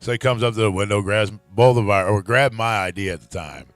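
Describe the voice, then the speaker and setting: A man's voice: on the low side, brisk, dry recording, soft background music. Brief: St. man, chatty talk-show co-host, cusses freely and acts out his stories, dry close sound. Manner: profane, animated storyteller acting out quotes. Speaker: podcast co-host. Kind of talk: casual chat, storytelling.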